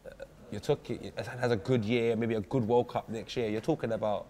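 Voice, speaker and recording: A man's voice: fairly low pitch, steady tone, brisk, mellow, slight background noise. A man co-hosting a casual football debate in an office, opinionated and full of street slang. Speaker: co-host.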